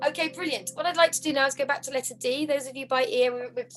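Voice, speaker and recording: A woman whose voice sits high and steady talks quickly as she coaches a harp ensemble via video call. Warm and supportive, she counts out beats and hums parts during this online lesson, harp music sounding under her.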